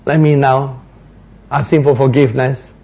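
A man preaching voices an ashamed, penniless young son who pleads humbly in a low, soft voice. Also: level tone, moderate pace, gravelly, lo-fi sound. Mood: humble. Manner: soft, low, subdued murmuring.

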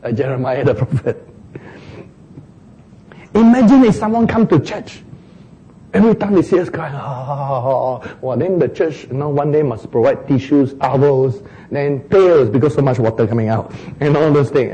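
Husky-voiced preacher, man. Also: medium pitch, moderate pace, rough recording. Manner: animated, mimics crying sounds for humor. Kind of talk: sermon.

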